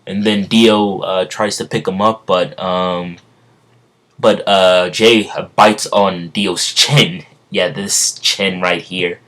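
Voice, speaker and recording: Low-voiced man rambling through a story. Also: steady tone, a bit bright. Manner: halting, rambling, full of restarts. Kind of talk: rambling fan-story retelling.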